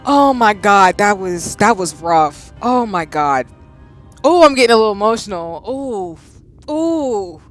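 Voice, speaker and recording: Animated woman streamer in her thirties. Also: mid-range voice, unhurried, soft background music. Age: 30s. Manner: loud exclaiming reactions, chatting with viewers. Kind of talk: live game stream chat.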